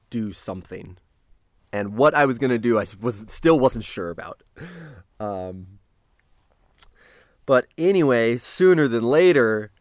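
Casting note: a man, casual storyteller, swears freely, stops and restarts, mid pitch, dry close sound. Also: no echo. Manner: profane, halting, with restarts and sudden loud bursts.

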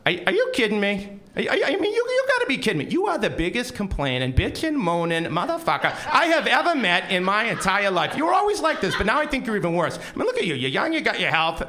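A boisterous, pushy cop , put on by a male storyteller, with a bright, lively voice that leaps high when he gets worked up. He scolds and wheedles in a big, brash way. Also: fast, a little hiss or hum, exaggerated voice. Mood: exasperated. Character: brash loud male Boston cop friend.

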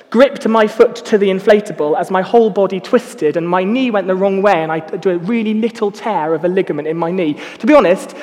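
High-voiced young man preaching. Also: long reverb tail. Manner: self-mocking, chatty storytelling. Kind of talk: casual sermon with personal stories.

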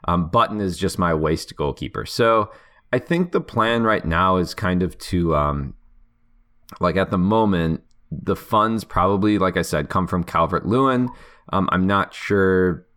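A man's voice: deep voice, lively intonation, measured pace, fairly bright tone. A man co-hosting a casual podcast, rambling and teasing his co-host, with many fillers and restarts. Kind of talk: casual podcast chat about fantasy football.

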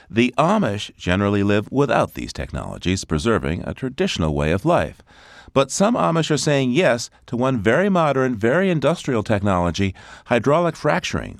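A man hosting a radio show, reading a scripted introduction with lively, sweeping intonation. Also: mid-range voice, moderate pace, creaky, dry recording, clean studio sound.

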